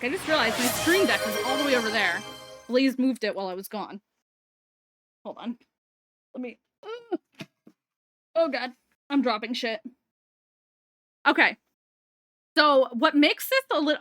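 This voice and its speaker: A woman's voice: high voice, fairly bright tone, no echo. A woman streamer talking casually and candidly at home, rambling and swearing now and then. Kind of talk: casual live-stream chat. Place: room at home.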